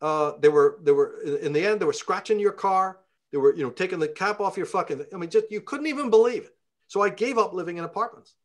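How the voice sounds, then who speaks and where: A man's voice: sits high, fast. A middle-aged man from Northern Ireland with a Belfast accent, telling a profane, ranting story as an interview guest. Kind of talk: storytelling in conversation.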